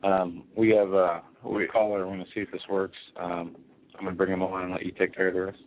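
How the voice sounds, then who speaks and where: Blunt talk radio co-host, tinny line. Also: male voice, low-pitched, little pitch movement, fast talker. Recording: tinny phone-like internet radio.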